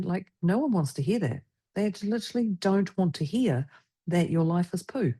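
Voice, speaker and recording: A woman co-hosting a podcast in casual conversation, animated and acting out other people's lines. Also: fairly low pitch, brisk. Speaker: podcast co-host.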